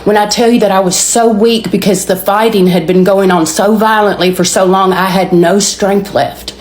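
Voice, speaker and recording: A woman's voice: medium pitch, fairly even intonation, darkish tone, a little hiss or hum. Southern woman telling a testimony in a roomy space. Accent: Southern American. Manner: storytelling, repeats and restarts words, dramatic pauses. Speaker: speaker sharing a testimony. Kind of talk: emotional personal testimony. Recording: roomy echoey recording.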